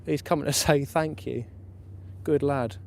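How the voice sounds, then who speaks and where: A man commenting live on his night fishing session, chatty and excitable, laughing often, outdoors by the water. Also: fairly high pitch, measured pace, vocal fry. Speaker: fishing vlogger. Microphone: camera or phone mic on a live stream.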